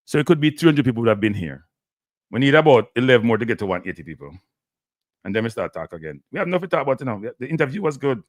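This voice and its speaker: Jamaican man, live stream host, pleading, annoyed, swinging pitch, dry sound. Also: big pitch swings, racing, no room sound.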